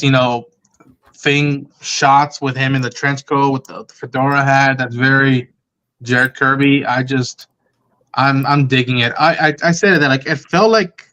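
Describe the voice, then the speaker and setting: A man's voice: medium pitch, a bit bright, lo-fi sound. A man, the host of a fan stream, chatting casually and at length about an upcoming film, full of ums and restarts. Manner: rambling, many ums and restarts. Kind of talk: casual live-stream chat.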